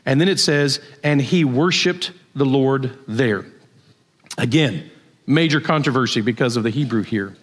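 A man's voice: medium pitch, unhurried, slightly rough. A man preaching a conversational sermon, telling stories and asking the congregation questions. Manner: storytelling, conversational, asks the audience questions. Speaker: pastor.

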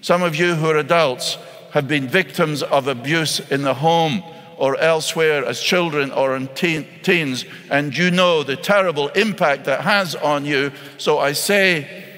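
A man's voice: fairly high pitch, a little slow, a bit bright. A man preaching a sermon, earnest and pleading, often repeating words as he presses his point. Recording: long hall reverb.

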